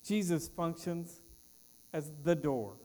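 Slow, measured preacher in a reverberant church. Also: male voice, on the high side, animated, a little mellow. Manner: measured, emphatic preaching cadence, trailing off at phrase ends. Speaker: pastor. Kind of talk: sermon.

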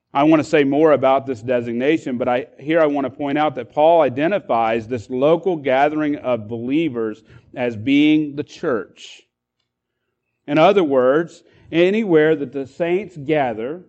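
A man's voice: medium pitch, a little mellow. Guy preaching a verse-by-verse sermon, restarts a lot, bit muffled sound. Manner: expository preaching with repeated restarts. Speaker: pastor.

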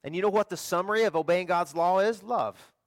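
A middle-aged man preaching a sermon in a folksy, conversational way, swinging between loud emphasis and quiet storytelling. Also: sits high, a little fast, no room sound. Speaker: pastor.

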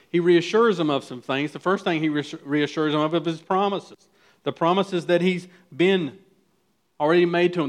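A man preaching a sermon as pastor, earnest and building to emphatic peaks, with frequent restarts. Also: on the high side.

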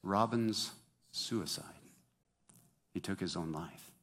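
Man, pastor, lively sermon delivery, chatty and playful with the congregation. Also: sits low, takes it slowly.

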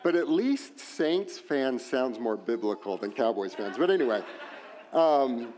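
Pastor, male, West Texas accent, lively sermon delivery with quips and swooping pitch. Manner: animated, joking asides, rising emphatic questions.

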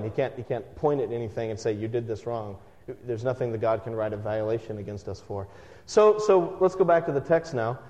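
A man in his thirties preaching a sermon in a conversational, animated way, with self-deprecating humor. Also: medium pitch. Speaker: pastor. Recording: muffled sound from a reverberant hall.

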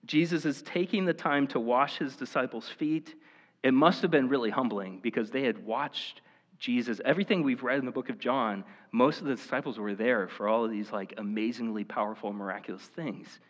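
A man's voice: mid-range voice, brisk. Man, pastor, conversational sermon, casual filler-heavy talk, reverberant hall, slightly dull audio. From rural Iowa. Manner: casual and chatty, with many "like" and "you know" fillers.

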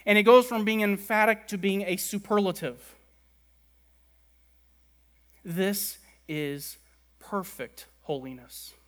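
A man preaching a sermon, stressing words by repeating them and letting key lines fall quiet and low. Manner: emphatic, repeats words for stress, drops soft at ends. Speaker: pastor.

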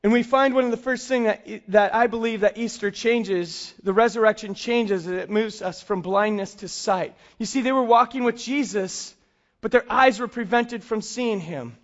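Male preacher, very high pitch, animated storyteller, slightly muffled recording. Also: normal speed, hardly any pauses. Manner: animated storyteller, acts out dialogue. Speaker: pastor. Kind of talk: sermon with storytelling.

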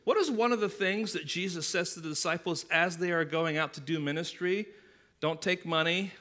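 A man preaching a sermon, animated, acting out the disciples' voices as he reads the passage. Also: fairly high pitch, brisk. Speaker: pastor.

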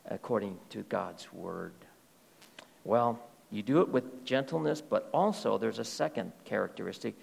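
A male pastor preaching a sermon in an animated way, often dropping to soft, hushed tones. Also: lowish voice, creaky, breathy edge.

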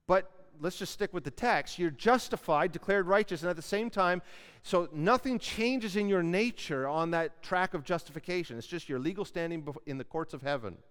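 A pastor delivers his sermon in a fairly high, smooth and resonant voice. He is earnest and leans hard on key words. The sound carries a long reverb, as if from a church sanctuary. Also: normal speed, a bit bright.

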